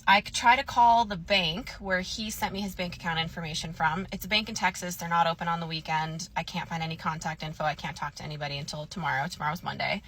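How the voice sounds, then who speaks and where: A woman casually recounting her own story in a chatty, animated way, often acting out both sides of conversations. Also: on the low side, fast, hardly any pauses.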